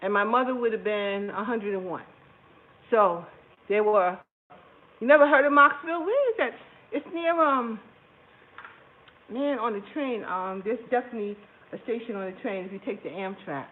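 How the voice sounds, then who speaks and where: In a casual livestream from her kitchen, a woman who hosts a cooking channel cooks, chats with her viewers, and laughs frequently. She has a mid-range voice and talks at a normal speed. The audio comes through tinny and phone-like, with some faint noise.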